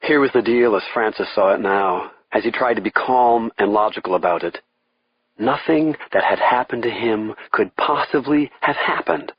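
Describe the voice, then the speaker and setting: A man's voice: lowish voice, normal speed, slightly rough, highs cut off. A man giving a dramatic, tense scripted thriller narration. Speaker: audiobook narrator.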